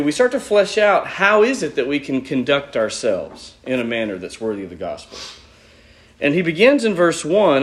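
A man preaching an expository sermon, explaining a passage verse by verse and answering his own questions. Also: on the high side. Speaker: pastor.

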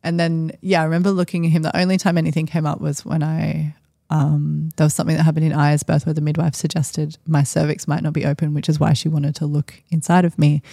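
A woman's voice: low voice, level tone, quick pace, gravelly, warm tone, dry recording, clean studio sound. A woman, a podcast guest, telling a personal story in a chatty, rambling way with lots of fillers. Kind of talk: casual storytelling.

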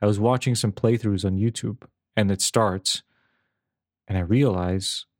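A man's voice: on the low side, fairly even intonation, a little slow, no room sound, studio quality. A man co-hosting a movie podcast in casual chat, rambling and often stumbling over and repeating his words. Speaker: podcast co-host.

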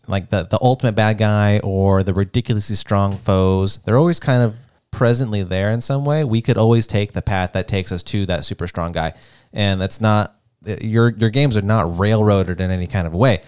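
A man's voice: fairly low pitch, moderate pace, a little mellow, clean tone, no echo, clean studio sound. A man chatting casually as a player on a tabletop gaming podcast, easygoing and joking. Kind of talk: casual chat.

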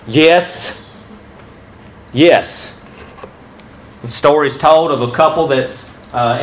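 A man preaching a sermon, with a voice sitting a little higher than most men's. He talks in a conversational, teaching way and puts questions straight to the men listening. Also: poor audio. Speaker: pastor.

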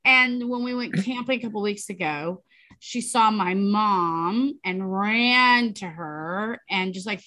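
A woman's voice: mid-range voice, takes it slowly, sharp tone. A woman in her forties co-hosting a podcast, telling long rambling stories full of fillers in casual chat. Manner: chatty, rambling storyteller with many fillers. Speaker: podcast co-host.

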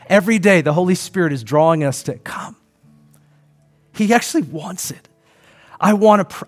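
Middle-aged male pastor, slightly high-pitched, relaxed conversational sermon delivery. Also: normal speed, faint music behind. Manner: conversational, earnest, acts out quoted voices.

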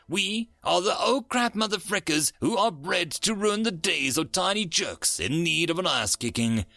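Man doing a cool steely marine sergeant, grinning confidence, raised pitch, rough edge. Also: bright, forceful tone, no room sound, exaggerated voice. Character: calm, steely human marine staff sergeant.

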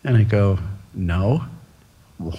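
A middle-aged man, a restaurateur, telling his story as an interview guest, animated and acting out the people he quotes. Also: on the low side, slow pace, breathy edge, highs cut off. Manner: animated, quoting others in lively voices. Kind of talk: storytelling in casual conversation.

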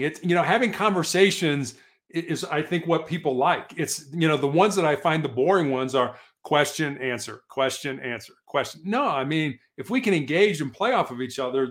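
A man's voice: fairly high pitch, a bit bright. A man as an interview guest, telling a story in an earnest, motivational way. He lives in Colorado. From Colorado, USA.

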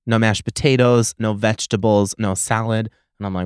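Young guy ranting on his podcast, swears a lot, sarcastic, smooth clear voice, dry sound. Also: mid-range voice, fairly quick, few pauses, dry recording. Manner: profane, sarcastic, animated storytelling. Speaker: podcast host. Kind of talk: solo comedic storytelling podcast.

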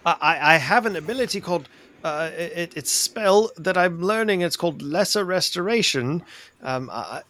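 A man's voice: high-pitched, animated, moderate pace, sharp tone. A man playing a tabletop game, speaking earnestly and stammering often. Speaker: player. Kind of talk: casual tabletop role-play.

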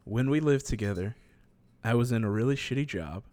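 A man's voice: medium pitch, animated, fairly quick, mellow, dry recording. Laid-back late-20s guy cohosting a podcast, dry close sound, chuckles a lot. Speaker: podcast co-host. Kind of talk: casual chat.

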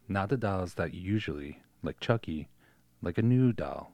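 A man's voice: low-pitched, lively intonation, darkish tone, soft background music. A man co-hosting a podcast, recapping a movie in a laid-back way and laughing often. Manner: laid-back, laughs often, acts out characters in quick voices. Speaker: podcast co-host. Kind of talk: casual chat about a movie.

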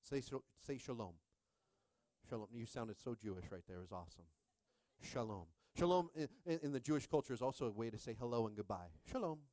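Animated man preaching a jokey sermon. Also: medium pitch, fairly quick, no room sound. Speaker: pastor.

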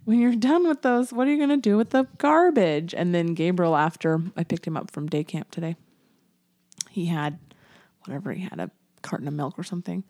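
Chatty woman telling family stories. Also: fairly quick. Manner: animated storyteller, acts out quotes in high voices, laughs often. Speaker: podcast co-host. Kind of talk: casual chat.

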